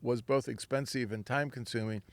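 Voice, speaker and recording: An older man from Southern California who founded a winery tells rambling, anecdotal stories in an interview, acting out the voices of people he quotes. His mid-range voice keeps a steady tone at normal speed, with no room sound.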